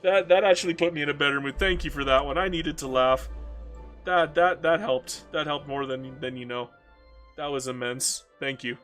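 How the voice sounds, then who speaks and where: Male game streamer, casual rant, high voice, bright tone, laughs, stammering. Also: moderate pace, faint music behind. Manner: laughing, ranting, stammering restarts. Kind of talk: casual chat while gaming.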